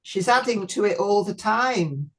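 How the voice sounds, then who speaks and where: A woman chats casually and answers stories with amused laughs. Her pitch moves a lot, and she speaks at an unhurried pace. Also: lively intonation. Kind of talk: casual chat.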